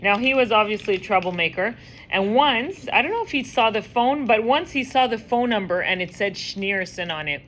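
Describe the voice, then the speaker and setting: A woman teaching a class, telling a story in a lively, chatty way and acting out the voices. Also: medium pitch, moderate pace, slight background noise. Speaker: teacher leading a women's class. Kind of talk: casual storytelling lesson.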